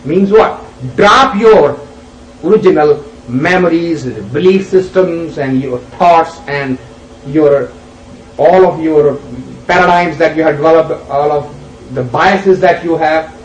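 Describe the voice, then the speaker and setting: An unhurried male spiritual teacher tells a parable and keeps asking his listeners questions. His voice sits a little high for a man. It sounds roomy and far from the mic, with a dull, lo-fi tone. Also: slight background noise. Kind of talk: spiritual discourse with storytelling. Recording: roomy, distant, dull lo-fi recording.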